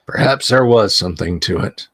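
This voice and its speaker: A man's voice: on the low side, animated, normal speed, a bit bright, slightly rough, no room sound. Dignified older father figure, ponderous and thoughtful, voiced by a man. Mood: musing.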